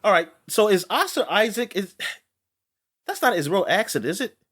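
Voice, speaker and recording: A man co-hosting a gaming podcast, chatting casually, animated and laughing, rambling with restarts. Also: high-pitched, normal speed. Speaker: podcast co-host. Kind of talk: casual chat.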